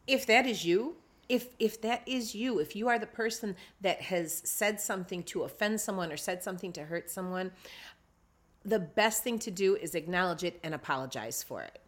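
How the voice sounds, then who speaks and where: A woman co-hosting a casual podcast chat, telling stories in an emphatic, animated way. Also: medium pitch, moderate pace. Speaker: podcast co-host.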